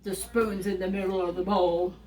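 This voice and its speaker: A woman voicing a gruff father bear in a children's storybook reading, slow and indignant. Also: medium pitch, flat delivery, darkish tone, slight background noise, voice pushed down, natural voice. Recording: distant mic with faint ambience.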